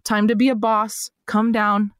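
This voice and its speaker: Woman, podcast guest, bubbly comic storyteller, dry close sound, middle pitch. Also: unhurried, no echo. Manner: chatty, animated storyteller full of "like" who slips into comic voices. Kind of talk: casual interview chat.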